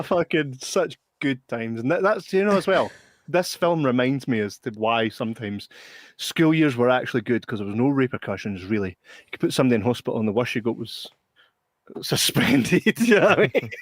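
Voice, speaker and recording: A Scottish man co-hosting a podcast in casual chat, who tells animated stories, laughs through them and swears freely. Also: mid-range voice, normal speed, dry recording. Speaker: podcast co-host.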